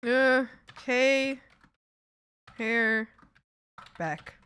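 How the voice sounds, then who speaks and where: Female streamer, high bright voice, unhurried casual chat to viewers, muttering to herself with loud laughing outbursts. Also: clear, resonant tone. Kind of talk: casual livestream chat while working.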